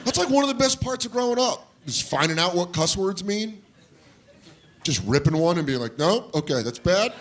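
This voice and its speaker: A man doing stand-up, telling a story and acting out the people in it with big jumps in his voice. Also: moderate pace. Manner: animated, acts out voices with big jumps in pitch. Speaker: stand-up comedian. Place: comedy club stage. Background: audience laughter.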